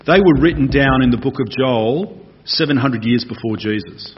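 Aussie guy preaching, chatty and lively, kinda dull lo-fi sound. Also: medium pitch, moderate pace, slight background noise. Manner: animated, conversational, acts out voices. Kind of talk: expository sermon. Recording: dull lo-fi recording.

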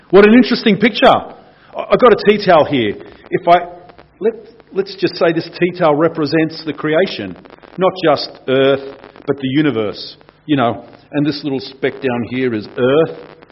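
Husky-voiced preacher. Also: male voice, medium pitch, lively intonation, moderate pace, highs cut off. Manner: conversational, explains and asks the congregation questions. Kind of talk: casual sermon with Bible reading. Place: church.

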